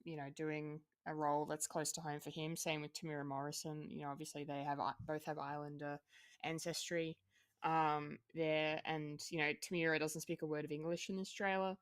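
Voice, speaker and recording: A woman talks through a trailer on a podcast, her voice pitched low and close to the mic with no room around it. She keeps pausing with ums and starting sentences over, in an easygoing, chatty way. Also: level tone, clean tone, no echo. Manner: hesitant, many ums and restarts. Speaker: podcast co-host. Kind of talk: casual podcast chat.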